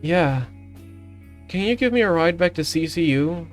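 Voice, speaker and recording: A woman voicing a gentle, timid young male lynx in a visual novel read-along, soft and sheepish. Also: on the low side, expressive, measured pace, soft background music. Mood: quiet.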